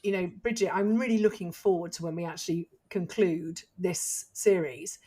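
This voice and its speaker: A woman co-hosting a podcast, telling lively anecdotes in casual chat. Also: fairly low pitch, normal speed, husky. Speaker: podcast co-host.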